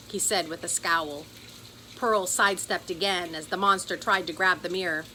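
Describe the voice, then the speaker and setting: A woman reading a children's chapter book aloud in an expressive storytelling voice. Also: lowish voice, normal speed, a little hiss or hum, poor audio. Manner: expressive, does character voices. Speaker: audiobook narrator.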